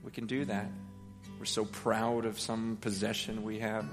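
A man's voice: on the low side, flat delivery, a little slow. Preaching man in a reverberant hall. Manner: preaching with rising intensity, quoting scripture, rhetorical questions. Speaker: pastor. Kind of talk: sermon. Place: church hall. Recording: live sermon with long hall reverb and soft guitar behind. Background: faint guitar music.

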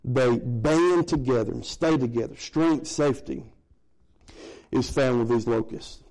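A man's voice: medium pitch, a little slow, darkish tone, rough recording. A middle-aged man preaching a sermon in a folksy, conversational way, chuckling between points. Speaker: pastor.

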